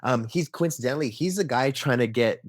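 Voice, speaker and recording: Young adult man, podcast guest, casual animated storyteller, mid pitch, dry sound. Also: fairly quick, dry recording. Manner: animated storyteller, acts out quotes, many fillers like "like" and "um". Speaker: podcast guest, toy photographer. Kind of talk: casual interview chat.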